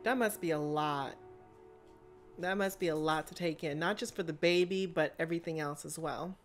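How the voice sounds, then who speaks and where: A woman hosting a video reaction to a TV episode, chatty and excitable, calling viewers honey. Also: sits low, normal speed, soft background music.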